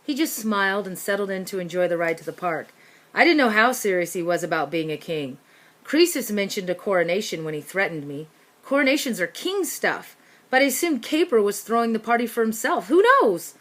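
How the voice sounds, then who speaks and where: A woman reading a children's chapter book aloud, narrating in the first person with expressive delivery. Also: mid-range voice, a little fast. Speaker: storyteller.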